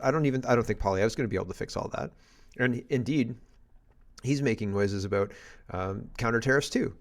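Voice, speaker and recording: Blunt, exasperated Canadian male commentator. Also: mid-range voice. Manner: blunt and exasperated, with restarts and sighs. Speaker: political commentator. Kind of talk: casual political rant.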